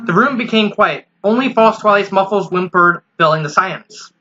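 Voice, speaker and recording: A man's voice: high-pitched, normal speed, pushed and bright, dull audio, slight background noise. Young man reading fan fiction aloud. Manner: reads aloud with stumbles and wry asides. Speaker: fanfiction reader. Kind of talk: casual story reading.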